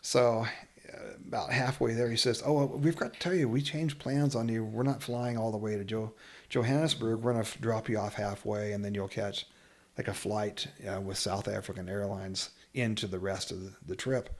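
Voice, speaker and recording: A man's voice: fairly low pitch, steady tone, moderate pace. A man telling a travel story in casual conversation, laughing and acting out other people's lines.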